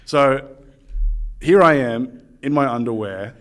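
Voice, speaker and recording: A man's voice: medium pitch, slow. Laughing Australian male podcast host. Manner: laughing storyteller, chatty. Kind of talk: casual interview chat.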